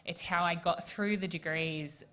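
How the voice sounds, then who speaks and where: A woman's voice: lowish voice, steady tone, unhurried, pushed and bright. A woman, speaking frankly and emotionally as an author on a festival panel, with many fillers. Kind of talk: candid conversational panel talk.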